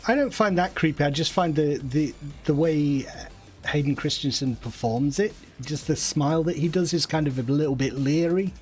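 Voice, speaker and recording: A man chatting casually while streaming a video game, relaxed and wry. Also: a little high, moderate pace. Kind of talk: casual gaming livestream chat.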